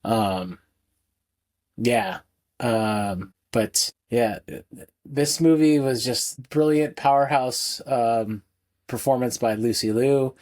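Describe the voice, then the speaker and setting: Podcast co-host, male, mid-pitched, casual and rambling, laughs between thoughts. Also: slow pace, darkish tone. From United States. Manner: rambling, many restarts, laughs often. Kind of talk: casual film review chat.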